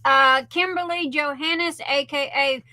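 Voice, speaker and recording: High, unhurried chatty woman host. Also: fairly even intonation, bright, forceful tone, dry recording, low-quality recording. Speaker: livestream host. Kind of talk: casual livestream chat.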